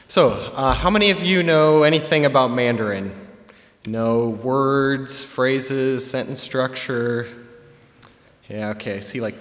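A young man giving a relaxed, chatty presentation to a live audience, with plenty of filler words. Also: mid-range voice. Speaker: student presenter. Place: large hall with an audience. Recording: long hall reverb.

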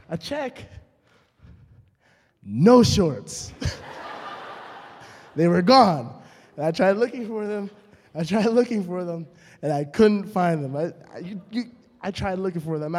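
A young man, a student, telling a true comic story on stage into a handheld mic, animated and repeating phrases for laughs. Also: high voice. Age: young adult. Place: auditorium stage. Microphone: handheld microphone. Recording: long hall reverb.

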